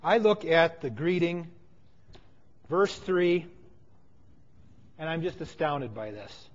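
High-voiced man preaching in a reverberant hall. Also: very animated, slow pace, long pauses. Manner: storytelling, emphatic, drops to quiet phrases. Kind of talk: sermon with personal story. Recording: dull sound with long hall reverb.

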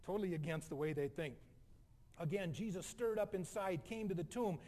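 A middle-aged male pastor preaching a sermon, swinging between loud emphatic lines and soft, hushed passages. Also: high voice, moderate pace.

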